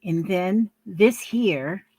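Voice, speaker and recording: A woman's voice: mid-range voice, drawn-out words, darkish tone, dry recording. An older woman talking casually to camera at home while she shows her handmade crafts, rambling and homey, with lots of fillers and restarts.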